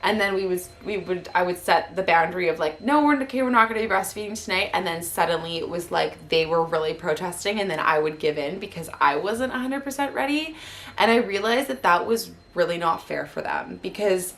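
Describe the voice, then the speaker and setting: This vlogger, a mother in her thirties, speaks briskly in a lowish, fairly bright voice. Her candid vlog story is heartfelt and rambling, full of fillers, and she nearly cries at points.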